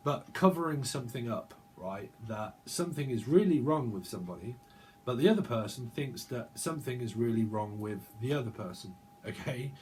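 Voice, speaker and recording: A man's voice: mid-range voice, lively intonation, moderate pace, darkish tone, a little hiss or hum. A man giving a channelled tarot reading, rambling and repeating words over and over in long chanted strings. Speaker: tarot reader.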